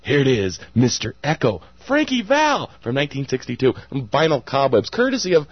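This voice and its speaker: A man's voice: mid-range voice, wildly swooping pitch, normal speed, husky, dry recording, muffled recording. A man hosting a radio show in casual chat, playful and teasing his co-host.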